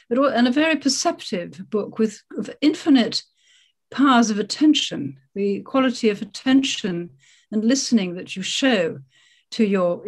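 A woman on a panel discussing a book, articulate and searching, often correcting herself mid-phrase. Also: mid-range voice. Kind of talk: literary discussion.

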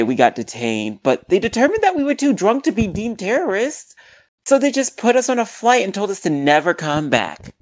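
A woman's voice: low-pitched, dry recording. A woman voicing a crude, boastful young man in a scripted comedy podcast.

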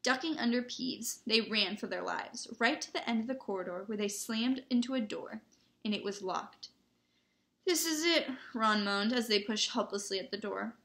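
A woman reads a children's novel aloud. Her voice sits at a medium pitch and her reading is expressive and dramatic. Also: moderate pace, gravelly. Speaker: audiobook reader. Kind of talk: storybook read-aloud narration.

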